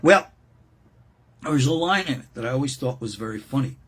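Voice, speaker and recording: A man's voice: mid-range voice, fairly quick, husky. An older man hosting a show, chatting casually and joking around, often repeating words as he gets going. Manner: playful, jokey, repeats words when excited. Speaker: host.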